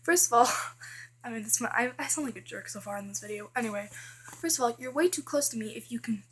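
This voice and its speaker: A woman's voice: on the high side, fast, a bit bright, a little hiss or hum. A teenage girl vlogging casually, chatty and full of fillers, complaining about things that annoy her. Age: teens. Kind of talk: casual list vlog.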